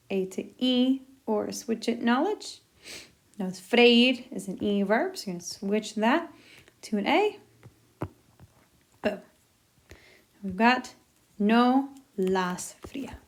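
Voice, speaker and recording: A woman's voice: mid-range voice, darkish tone. A woman teacher walking through a recorded lesson step by step, upbeat and encouraging.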